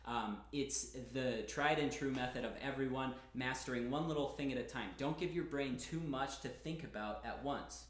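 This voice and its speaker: A man's voice: mid-range voice, moderate pace, few pauses. A young man giving a casual, encouraging piano lesson, chatting between short demonstrations at the keyboard. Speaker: piano teacher. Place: room with a piano. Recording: roomy echo with piano playing.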